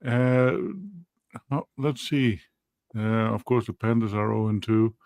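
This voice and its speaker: A man's voice: on the low side, fairly even intonation, takes it slowly, darkish tone, clear, resonant tone, dry recording. A man co-hosting a sports podcast, giving earnest, casual analysis and working through his points one by one. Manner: earnest, lists points, frequent restarts. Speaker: podcast co-host.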